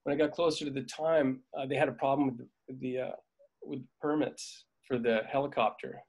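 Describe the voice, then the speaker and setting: A man's voice: medium pitch, fairly even intonation, fairly quick, a little mellow, husky. A middle-aged man, a film crew veteran, telling rambling stories in a casual interview, with frequent fillers and laughs. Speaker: veteran dolly grip, guest.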